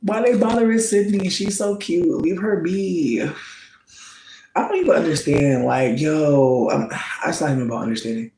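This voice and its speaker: A man chatting casually, gossiping about reality TV in a slangy, campy style. His voice swings into high squeals when he quotes reactions. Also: moderate pace, darkish tone, reverberant, slight background noise, poor audio. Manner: slangy, campy storytelling with frequent "bitch" and "like". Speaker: vlogger.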